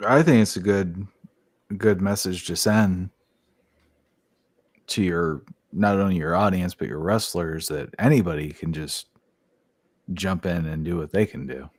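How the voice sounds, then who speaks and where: A man with a fairly low voice trading blunt opinions on a podcast. He is short and dismissive in tone. His voice is recorded close and dry. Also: a little slow, long pauses, no room sound. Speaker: podcast co-host. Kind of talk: casual chat.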